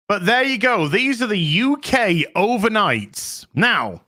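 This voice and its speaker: Excitable bright-voiced male streamer. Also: sits high, slow, few pauses. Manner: excitable, swears, chats to viewers. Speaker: streamer host. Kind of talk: live stream commentary.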